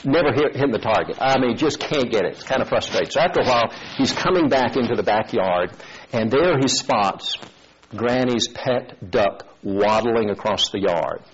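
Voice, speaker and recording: A man preaching a sermon, telling a story and acting out its voices in an animated way. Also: mid-range voice, slightly rough, dull audio.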